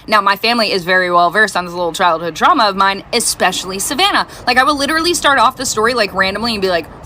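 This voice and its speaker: A woman's voice: quick pace, hardly any pauses, slight background noise. A woman in her thirties telling casual funny stories about her daughter and acting out the quotes. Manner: animated, acts out quotes with big pitch jumps. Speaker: storyteller mother. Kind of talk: casual storytime.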